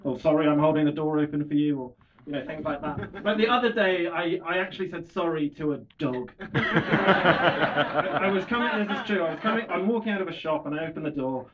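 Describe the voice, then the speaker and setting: Halting man doing shy stand-up. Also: fairly high pitch, background noise. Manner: hesitant, self-deprecating, halting restarts. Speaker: stand-up comedian. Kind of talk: stand-up routine. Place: small comedy bar stage. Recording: lo-fi club recording with audience laughter.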